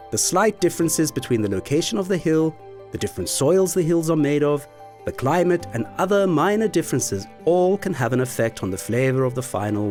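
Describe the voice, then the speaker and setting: A man giving scripted educational narration for a wine course, with a clear, explanatory delivery. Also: fairly high pitch, a little mellow.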